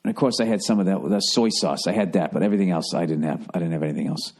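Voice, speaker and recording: Middle-aged man, podcast host, casual comic storytelling, profane and rambling, animated delivery. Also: sits low, rapid-fire. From America.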